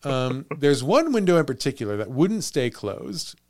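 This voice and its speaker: A man's voice: mid-range voice, big pitch swings, normal speed, a little mellow. A man hosting a podcast, telling a haunted-house story in casual chat. He laughs often and trails off into restarts.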